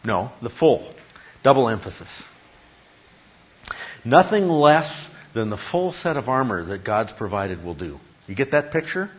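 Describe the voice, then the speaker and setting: A man's voice: medium pitch, highs cut off. A man preaching a sermon, stressing his points through repetition and questions to the congregation. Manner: emphatic, repeats key phrases, asks the congregation questions. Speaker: pastor.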